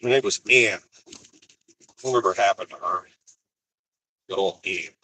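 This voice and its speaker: Husky-voiced man telling stories. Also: low-pitched, measured pace, bright, forceful tone, no echo, rough recording. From Colorado, US. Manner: rambling, chatty, laughs easily. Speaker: truck driver vlogger. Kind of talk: casual storytelling.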